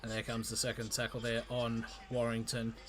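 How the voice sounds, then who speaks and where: A man calling a rugby league match live for his stream, in an amateur play-by-play style that jumps in excitement and often stumbles and corrects himself. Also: mid-range voice, moderate pace. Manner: excitable, frequent restarts and self-corrections.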